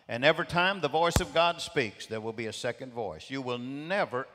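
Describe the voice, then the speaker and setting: A man's voice: medium pitch, fairly bright tone. Emphatic male preacher in a reverberant hall. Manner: emphatic, repeats key phrases. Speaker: guest preacher. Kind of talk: sermon. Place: large church auditorium. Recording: long reverb of a large hall.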